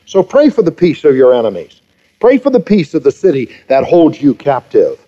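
A man's voice: a little high, huge pitch swings, moderate pace. A pastor in his fifties preaching a sermon, emphatic, with rhetorical questions and repeated phrases. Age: 50s. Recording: dull lo-fi sermon recording.

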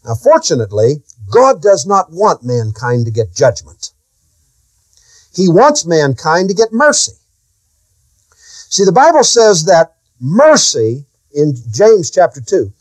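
A man preaching a sermon. He asks his listeners questions and swings his voice up and down for emphasis. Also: dry recording. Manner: preaching with sudden rises and drops in pitch, asking the listeners questions.

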